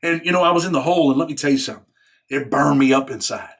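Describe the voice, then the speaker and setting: Brief: New man, blunt and streetwise, slightly high-pitched storyteller. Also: racing, a bit bright. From New York. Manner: blunt, profane, street talk. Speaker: YouTuber recounting prison life. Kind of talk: casual storytelling monologue.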